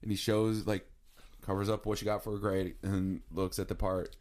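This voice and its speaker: A man with a fairly low voice tells a school story in loose podcast banter. He jokes and breaks into laughter often, keeping the tone easygoing. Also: flat delivery, moderate pace, a little mellow. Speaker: podcast co-host. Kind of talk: casual chat.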